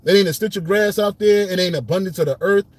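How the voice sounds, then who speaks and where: A man with a husky, slightly raised voice leads a relaxed Bible study. He reads verses and breaks them down in loose, streetwise talk. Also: high-pitched, quick pace. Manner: casual streetwise speech, lively when retelling scenes. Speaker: Bible teacher. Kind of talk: informal Bible study teaching.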